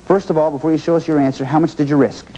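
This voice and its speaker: A man hosting a TV game show, energetic and encouraging, repeating each contestant's answer. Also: fairly high pitch, rapid-fire, muffled recording.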